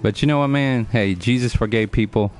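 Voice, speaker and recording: Speaking a little fast in a mid-range voice, a man in his forties chats casually yet earnestly with his live-stream audience. He calls out viewers by name as he answers, lecturing and saying things more than once.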